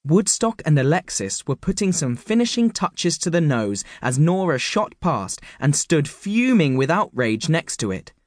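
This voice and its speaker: Animated male children's audiobook narrator. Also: a little high, unhurried, hardly any pauses, dry recording, clean studio sound. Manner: animated storytelling, playful emphasis. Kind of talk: scripted narration of a children's book. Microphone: close studio mic.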